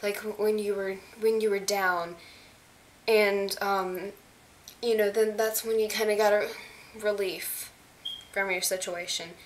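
A young woman vlogging as an excited fan, gushing and chatty with lots of fillers. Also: mid-range voice, a little slow, pauses often. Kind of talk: casual chat. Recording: faint hiss.

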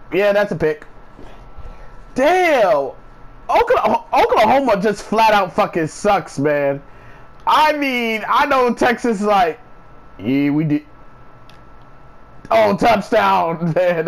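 Male vlogger, unhurried, swears constantly and loops back on his own lines, lively pitch. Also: poor audio. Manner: profane, repetitive, incredulous ranting. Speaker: sports vlogger. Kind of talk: ranting casual commentary.

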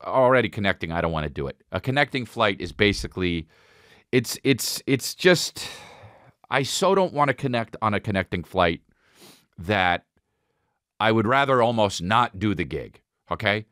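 A man hosting a podcast, telling a comic story in a loud, profane way and acting out each person's lines. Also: moderate pace, no room sound, studio quality. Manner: animated and profane, acting out dialogue with big pitch jumps. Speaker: podcast host. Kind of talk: comedic storytelling monologue.

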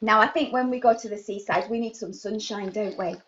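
A woman running a live online baby sign class, talking to toddlers in an animated, sing-song way. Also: medium pitch, brisk, lo-fi sound, faint music behind.

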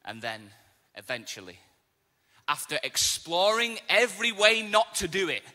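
A man preaching a sermon as pastor, telling stories with casual asides and lively acted quotes. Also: sits high, a little slow, big-room sound. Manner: animated storytelling, casual asides. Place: church auditorium.

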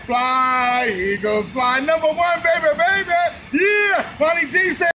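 A man shouting hyped fan chants and skits, loud and excitable. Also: extremely high pitch, measured pace, few pauses, echoey room, background noise. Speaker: sports fan personality.

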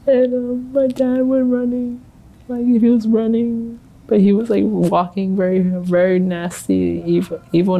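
A man in his twenties telling his story in a street interview, rambling, halting and repeating himself. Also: sits high, vocal fry, mellow, slight background noise, poor audio. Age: 20s. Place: outdoors on a city street.

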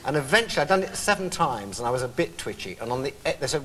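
A man who is a talk show guest, telling stories in an animated, self-mocking way and often laughing. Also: mid-range voice, quick pace, slight background noise. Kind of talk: anecdotal storytelling on a talk show.

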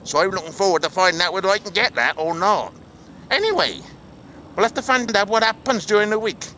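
A man's voice: high-pitched, lively intonation, a little fast, background noise. A man voicing a chatty male actor from Cardiff with a Welsh accent, giving rambling vlog updates in a comic spoof. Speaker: vlog host.

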